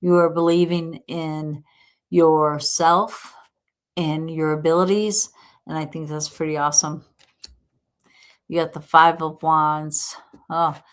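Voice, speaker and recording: A woman's voice: low-pitched, level tone, slow, pauses often. A woman hosting a casual live tarot reading, chatty and encouraging, often breaking into laughter. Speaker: tarot reader host.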